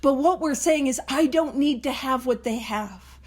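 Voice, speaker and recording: A woman's voice: sits high, normal speed. A woman hosting a recovery reading study in a casual, earnest way, laughing often and acting out inner voices. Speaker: podcast host leading a Big Book study.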